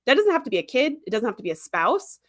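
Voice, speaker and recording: In studio-quality audio with no echo, a podcast host with a slightly high, very animated voice chats about a TV series. She is enthusiastic and talkative, reads out comments from the live chat, and fills her speech with fillers and quick asides.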